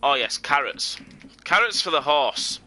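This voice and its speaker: A man's voice: on the high side, expressive, a little slow, sharp tone. A young British man chatting casually and joking with viewers while he plays a game on a live stream.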